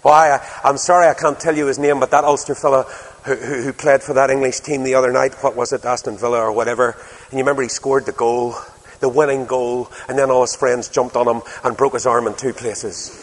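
An older preacher delivers a sermon in a lively, storytelling manner, throwing rhetorical questions at his listeners. His mid-range voice rings out with a long reverb that hangs in the hall. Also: medium pitch, brisk.

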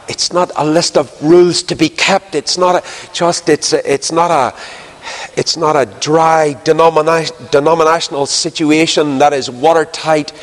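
A man preaching a sermon, lively and conversational, jumping up in pitch to stress a point. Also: moderate pace, a little hiss or hum. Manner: animated, jumps in pitch for emphasis. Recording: long hall reverb.

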